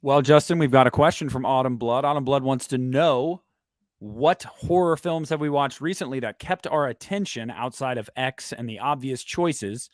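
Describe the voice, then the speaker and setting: A man's voice: medium pitch, moderate pace, no echo, studio quality. A man co-hosting a podcast, rambling through a casual chat with frequent restarts. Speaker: podcast co-host.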